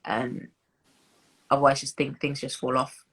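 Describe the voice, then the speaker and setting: A young British woman in her twenties speaks as an interview guest, her voice low and a little husky. She talks thoughtfully and loosely, circling back with fillers and restarts. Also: level tone, a little slow, fairly bright tone, low-quality recording. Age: 20s. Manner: reflective, many fillers and restarts, laughs as she tells stories. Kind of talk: interview conversation.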